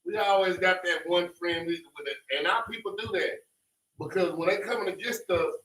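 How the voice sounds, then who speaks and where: A man's voice: sits high, moderate pace, sharp tone, recorded from a distance. A man chiming in during a Bible class with loose, rambling commentary. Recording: echoey room, off-mic.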